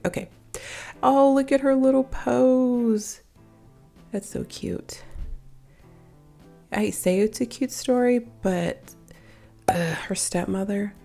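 Stringing beads for a toy unboxing video, a woman with a warm, medium-pitched voice chats casually to her viewers, her voice a bit off because she's sick. She addresses them directly, corrects herself and lets out little laughs.

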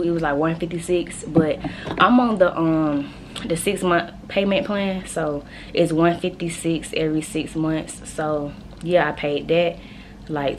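Young woman, deep-set speaking voice, chatty rambling college vlogger. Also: a little mellow, a little hiss or hum. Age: young adult. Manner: rambling and chatty, talks straight to viewers. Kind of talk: casual vlog chat. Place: her room at home at night.

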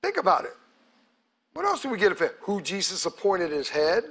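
A male pastor preaching a sermon to his congregation, calling out to them and acting out quotes, breaking into loud shouts at the peaks. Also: high voice, wildly swooping pitch, brisk, gravelly, breathy edge. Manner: preaching with call-outs to the congregation, acts out quotes. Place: church sanctuary.

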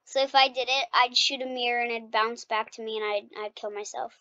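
A woman hosting a gaming video, chatting casually and playfully while she plays, quick to protest and tease. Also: on the high side, steady tone, sharp tone, lo-fi sound. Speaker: gaming channel host. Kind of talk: casual gameplay commentary.

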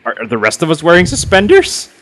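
A man co-hosting a game playthrough, excitable and full of crude jokes. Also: a little high, fast talker. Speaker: gamer co-host. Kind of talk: casual gaming banter.

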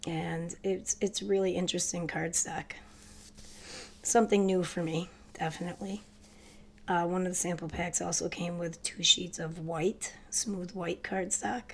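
A woman with a stuffy cold voice, chatting quickly and casually to her viewers in a crafting haul video. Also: lowish voice, gravelly, breathy edge. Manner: chatty, hurried, addresses viewers directly. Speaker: crafting vlogger.

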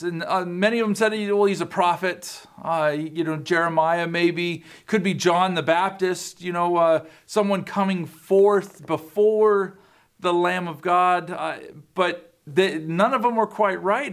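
A man giving an earnest sermon to students as a youth pastor, with fillers and restarts. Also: high-pitched.

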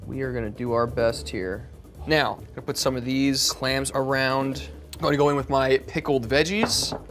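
A man's voice: mid-range voice, fairly bright tone. A young man, a home cook, chatting upbeat and easygoing as he plates his food. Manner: upbeat, chatty, laughs easily. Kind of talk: casual cooking narration. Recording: faint music in the background.

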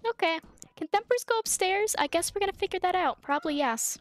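Excitable high-pitched woman gaming streamer. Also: a little fast. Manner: excitable, shrieks when startled. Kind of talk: live gameplay commentary.

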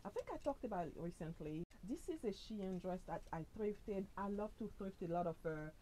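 A woman hosting a casual fashion try-on vlog, chatty and upbeat, pushing her usually soft voice louder and recorded on the camera mic because her lapel mic is missing. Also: medium pitch, expressive, a little fast, a little hiss or hum, low-quality recording. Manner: chatty and upbeat, full of fillers and "sis". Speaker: fashion vlogger.

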